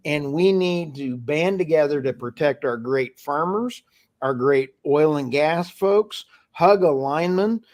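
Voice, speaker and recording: A man's voice: a little high, measured pace, a little mellow. A man co-hosting a podcast, ranting with passion and then apologizing for getting worked up. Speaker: podcast co-host. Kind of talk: casual chat.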